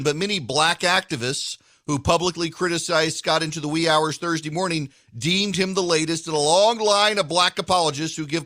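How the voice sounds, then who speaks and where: A man hosting a political commentary podcast, talking emphatically and rising to near shouting. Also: a little high, no echo. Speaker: podcast host.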